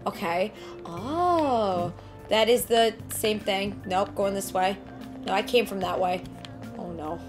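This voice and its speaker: A young woman streaming a video game live, excitable and chatty, gasping and reacting loudly as she plays. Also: mid-range voice, slow pace, soft background music. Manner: excitable, gasps and shrieks, reads game lines aloud. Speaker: let's play streamer.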